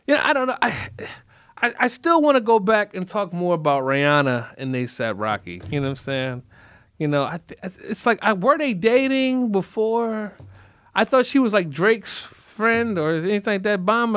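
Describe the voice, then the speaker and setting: A man's voice: high voice, expressive, brisk, a bit bright, clear, resonant tone, no echo, clean studio sound. A man hosting a podcast, rambling through crude, mock-dramatic jokes. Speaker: podcast host. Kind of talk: comedic podcast chat.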